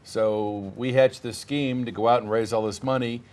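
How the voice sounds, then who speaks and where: A man's voice: mid-range voice, steady tone, normal speed, a little mellow. A man who is a stage actor, explaining his show's story in an articulate, fluent way. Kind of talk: interview answers.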